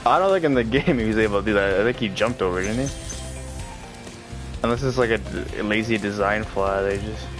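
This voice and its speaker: A man with a low voice gives relaxed, rambling commentary while playing a game. He fills his talk with "like" and drifting asides. Game music plays clearly behind him. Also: brisk. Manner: rambling, with frequent filler "like". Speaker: let's play commentator. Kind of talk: casual gameplay commentary.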